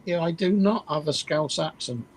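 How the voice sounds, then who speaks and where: Man, higher pitch, plain explaining, casual chat. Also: normal speed, poor audio. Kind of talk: casual live-stream chat.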